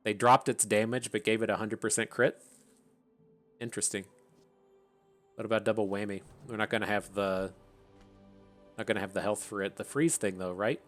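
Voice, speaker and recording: A man's voice: fairly low pitch, steady tone, moderate pace, pauses often, fairly bright tone, faint music behind. A man hosting his gaming channel, thinking aloud in chatty, casual commentary and laughing at his own tangents.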